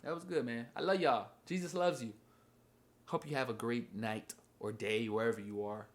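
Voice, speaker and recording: Rambling and returning over and over to "you know what I mean," a young man delivers an earnest, casual Bible lesson as a study teacher's devotional talk. He speaks at a moderate pace in a mid-range voice with fairly even intonation.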